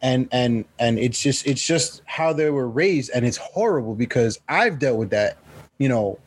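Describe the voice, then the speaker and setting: A man's voice: medium pitch, animated, normal speed, husky. A man co-hosting a podcast in casual chat, rambling and profane with many restarts. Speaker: podcast co-host.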